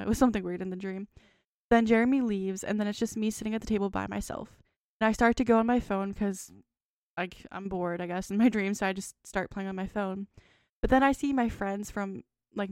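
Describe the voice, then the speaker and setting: Smooth-voiced woman in her twenties. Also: medium pitch, a little mellow, dry recording, clean studio sound. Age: 20s. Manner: rambling, frequent "like" fillers. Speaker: podcast co-host. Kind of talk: casual chat, reading a dream journal.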